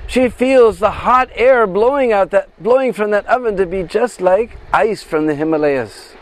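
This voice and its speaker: High-voiced male devotional storyteller. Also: moderate pace. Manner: expressive, dramatic, acts out voices.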